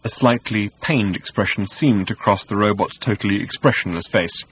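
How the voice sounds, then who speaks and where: Male audiobook narrator, low and husky, wry measured delivery, dry close mic. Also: fairly bright tone. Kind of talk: scripted narration.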